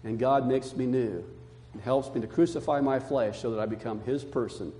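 An older man, a pastor, delivering an animated sermon with emphatic storytelling, in a church. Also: mid-range voice, moderate pace, a little hiss or hum. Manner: emphatic, animated storytelling, calming to soft reflection. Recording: long hall reverb.

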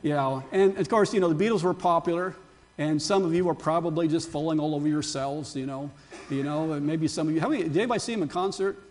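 An older man, a pastor, giving a Palm Sunday sermon, with animated preaching and chatty asides to his congregation. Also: on the high side, fast talker.

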